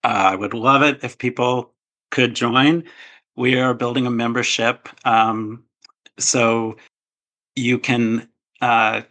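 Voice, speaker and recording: Bright-voiced man, earnest author guest. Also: lowish voice, rough recording. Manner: earnest, hesitant with fillers and restarts. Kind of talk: casual interview talk.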